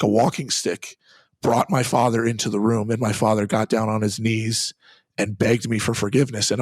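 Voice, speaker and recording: A man's voice: medium pitch, a bit bright, husky, dry recording. A man, a guest on an interview show, earnestly recounting an exorcism he took part in, in a conversational storytelling manner with frequent restarts.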